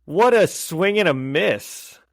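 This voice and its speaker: A man's voice: high voice, lively intonation, takes it slowly, creaky, no room sound, clean studio sound. A man co-hosting a podcast, recapping comic scenes at length with frequent laughter. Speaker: podcast co-host. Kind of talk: casual comic book discussion.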